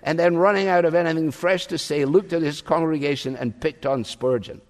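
A man preaching a sermon, telling a story earnestly and closing in quiet prayer. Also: fairly high pitch, steady tone, brisk, long reverb tail. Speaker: pastor.

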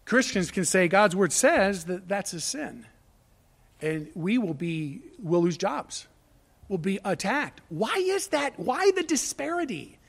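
A man preaching a sermon, swinging between loud, urgent appeals and hushed asides. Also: high voice, sing-song, takes it slowly, creaky. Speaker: pastor.

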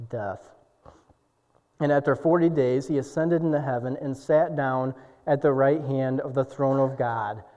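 A young adult man preaching a sermon as pastor, swinging from hushed, quiet passages to booming exclamations. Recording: dull echoey hall sound.

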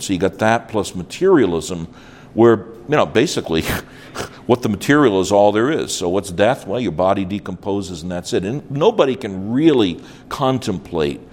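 An older man from New York preaching at a conference, animated, acting out little dialogues and dropping in asides. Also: deep voice. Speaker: conference speaker. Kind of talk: conference sermon.

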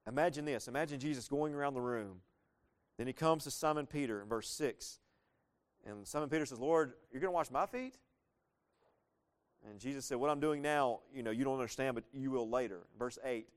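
A man preaching a sermon, lively and conversational, asking his listeners questions and acting out the lines he quotes. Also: medium pitch, brisk, clean tone. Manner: animated, asks the congregation questions, acts out quoted lines. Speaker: pastor.

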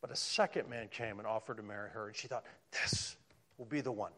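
A man preaching a sermon, swinging from loud emphatic lines down to hushed, almost whispered ones. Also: on the low side, a little fast.

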